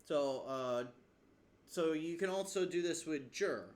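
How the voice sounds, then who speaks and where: A man's voice: fairly high pitch, a little slow. A man teaching from his own language study in a casual video lesson, thinking aloud with fillers and restarts. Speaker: language learner explaining lessons.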